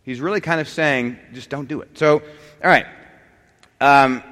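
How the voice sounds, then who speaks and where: A Bible teacher with a medium-pitched, fairly bright voice gives a lecture on scripture and church history, speaking a little slowly. He talks casually with his students, often restarts his sentences, and jokes with them. Long hall reverb colors the recording.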